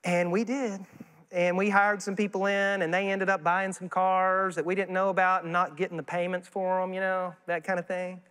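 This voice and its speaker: A man preaching as a guest speaker, folksy and animated, telling stories and acting out quoted voices. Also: high-pitched, normal speed, clean tone. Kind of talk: sermon. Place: church sanctuary. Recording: long church hall reverb.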